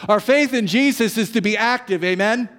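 A high-pitched man preaching a Sunday sermon. He moves between loud bursts of emphasis and soft, stretched-out phrases, and his voice rings with the long reverb of a church hall. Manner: animated preaching, swinging between loud emphasis and hushed, drawn-out lines. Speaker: pastor. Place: church sanctuary.

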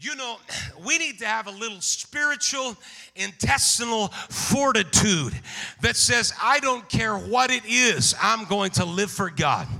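A man preaching a sermon in a church, rising from steady teaching into fervent shouted exhortation. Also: high-pitched, measured pace, vocal fry. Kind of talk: Pentecostal-style sermon. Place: church sanctuary. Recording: long hall reverb.

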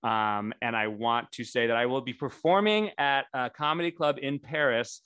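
A man's voice: medium pitch, normal speed, a bit bright, smooth, no room sound. A man co-hosting a podcast, chatting casually in a rambling, jokey, self-promoting way. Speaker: podcast co-host. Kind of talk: casual chat.

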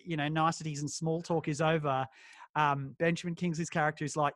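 A man's voice: on the high side, flat delivery, fairly quick, fairly bright tone, dry recording. A man co-hosting a podcast, casually discussing a film and enthusiastically retelling scenes. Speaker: podcast co-host.

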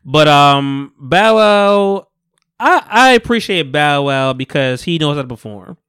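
A man's voice: a little high, expressive, measured pace, fairly bright tone, clear, resonant tone, no room sound, clean studio sound. A man co-hosting a podcast in casual chat, blunt and profane, laughing often. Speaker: podcast co-host.

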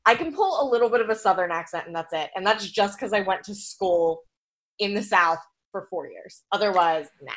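An American woman in a casual podcast chat, talkative and quick to laugh, often restarting her sentences. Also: medium pitch, expressive, a bit bright. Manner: chatty, laughs easily, many restarts.

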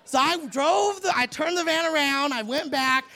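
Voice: sits high, normal speed, bright, forceful tone. A preacher giving a sermon in a conversational, humorous storytelling manner and speaking straight to the congregation. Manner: addresses the congregation directly.

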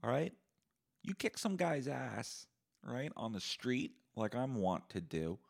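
A man's voice: medium pitch, slow pace, gravelly. A young man from Canada hosting a podcast, delivering a sarcastic, profane solo rant. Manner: sarcastic, profane, animated ranting. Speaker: podcast host.

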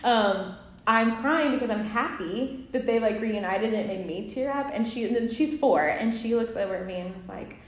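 A woman in her thirties co-hosting a casual faith podcast, chatty and animated, laughing often. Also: a little high, moderate pace. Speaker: podcast co-host. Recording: echoey room.

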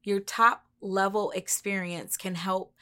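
A woman's voice: mid-range voice, steady tone, slow, bright, forceful tone. A woman co-hosting a motivational podcast, talking in a casual, encouraging way and repeating key words for emphasis. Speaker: podcast co-host.

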